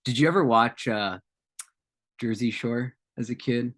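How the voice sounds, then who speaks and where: A man's voice: medium pitch, a little slow, a bit bright. A man co-hosting a casual podcast, reading notes aloud with joking asides and tangents. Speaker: podcast co-host.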